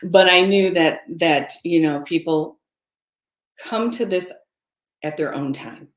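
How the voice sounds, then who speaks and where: A woman's voice: fairly low pitch, slow pace, reverberant. A middle-aged woman candidly telling a personal story as a webinar guest, with hesitant fillers. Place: room, recorded for a webinar.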